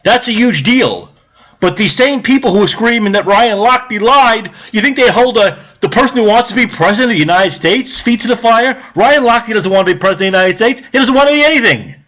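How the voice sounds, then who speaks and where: A man's voice: high voice, a little fast. A man giving a profane political rant to camera, lecturing and scolding the viewer, then settling into grumbling explanation. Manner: calmer, grumbling explanation later on. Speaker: political vlogger.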